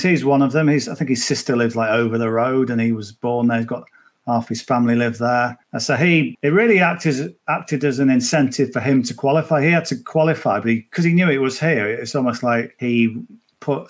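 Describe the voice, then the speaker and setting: Here a man goes over his golf bets in relaxed podcast conversation. His pitch is unremarkable, right in the middle, and his talk meanders, often doubling back on what he already said.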